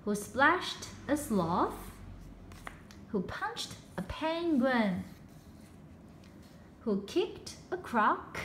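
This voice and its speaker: A woman reading a children's storybook aloud in a slow, expressive way with dramatic pauses. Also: high voice. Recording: roomy echo with faint background hum.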